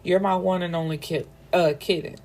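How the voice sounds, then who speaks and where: A possessive, menacing lover issues blunt, slangy commands, read out by a woman. The voice sits fairly low and plain, like a book being read aloud at home. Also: steady tone, fairly quick, a little mellow, close to an everyday voice. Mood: controlling. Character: controlling possessive young man, menacing lover.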